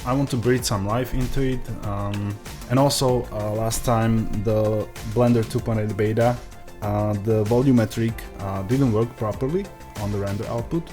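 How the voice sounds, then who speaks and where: A man with an Eastern European accent giving a screen-recorded software tutorial, pausing often with uh and um. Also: lowish voice, steady tone, faint music behind. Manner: hesitant, frequent uh and um fillers.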